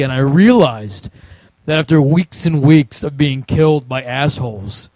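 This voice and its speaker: A man telling a long gaming story in casual chat, animated and profane, acting out his own reactions. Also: medium pitch, unhurried, no room sound. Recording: dull, dry lo-fi recording.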